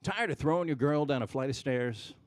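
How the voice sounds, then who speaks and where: A man voicing a smooth, soothing male commercial announcer with a soft, low delivery. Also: lively intonation, fairly quick, lightly acted.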